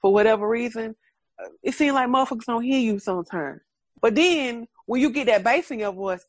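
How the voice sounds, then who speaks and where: A woman's voice: on the high side, fairly quick, no echo. A woman co-hosting a casual chat, speaking frankly, swearing freely and laughing often.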